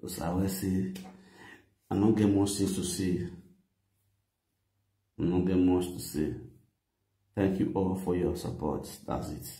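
A Nigerian man chatting excitedly on a live video, thanking his followers and mixing English, pidgin and Yoruba. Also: low voice, measured pace, long pauses, reverberant. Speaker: vlogger doing a daily live video. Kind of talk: casual live-stream chat.

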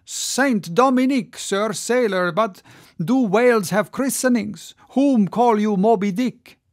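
A reader voicing an excitable, curious Spanish nobleman in an audiobook reading. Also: medium pitch, slow pace, pitched above the performer's own voice. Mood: astonished. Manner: exclaiming, raised voice.

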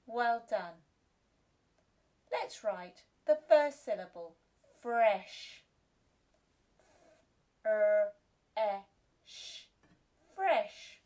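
A woman teaching a phonics lesson to young children, slowly sounding out letters and syllables in a clear, patient way. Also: high voice. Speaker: reception class teacher.

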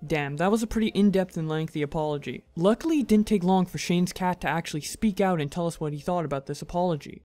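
A man hosting a commentary on online drama, delivered with a sarcastic, deadpan edge and plenty of swearing. His voice sits a little above the usual male pitch. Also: fast talker, hardly any pauses, soft background music. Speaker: commentary host.

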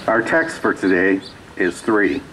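Low-voiced man preaching casually. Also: sing-song, unhurried, fairly bright tone, slight background noise, rough recording. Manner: conversational, reads scripture aloud with asides. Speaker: pastor. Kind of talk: sermon. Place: small church sanctuary.

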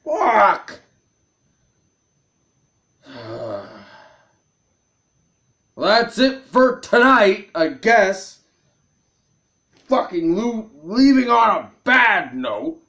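Male gamer, high and lively voice, slow furious ranting, heavy cursing. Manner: angry, cursing, ranting at himself. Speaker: gameplay video host. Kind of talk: frustrated gameplay commentary.

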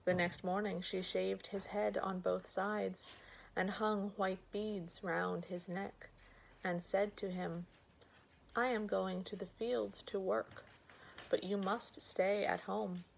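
A woman reading a bedtime story aloud slowly and gently, giving the characters light voices. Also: mid-range voice, little pitch movement, creaky, slight background noise, rough recording.

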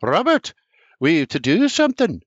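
An older man reading an audiobook voices a worried, insistent mother in a raised falsetto. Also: wildly swooping pitch, a little slow, no room sound, exaggerated voice. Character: worried Irish mother, middle-aged woman. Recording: dry, slightly muffled recording.

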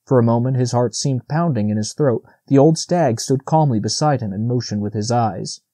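A man narrating a classic children's novel as an audiobook, steady and even. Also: medium pitch, normal speed, dry recording, studio quality. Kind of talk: scripted narration.

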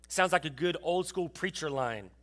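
Bright-voiced man preaching conversationally. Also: on the high side, lively intonation, normal speed. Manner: conversational preaching with frequent restarts and asides to the congregation. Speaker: pastor. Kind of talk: sermon.

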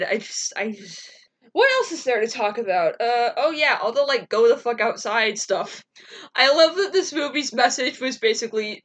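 A woman talks through a casual reaction vlog in a bright, slightly high voice. She gushes and rambles, emotional and full of fillers, with swearing scattered throughout. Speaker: animation vlogger.

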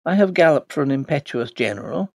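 A man reading a novel aloud as an audiobook narrator, in a measured, dry storytelling delivery. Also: a little high, animated, gravelly, dry recording.

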